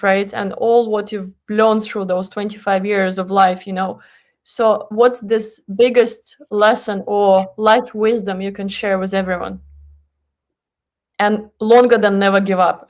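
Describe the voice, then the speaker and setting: A woman co-hosting a podcast, asking questions haltingly and rephrasing them as she goes. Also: medium pitch, fairly even intonation. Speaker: podcast co-host. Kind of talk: podcast interview.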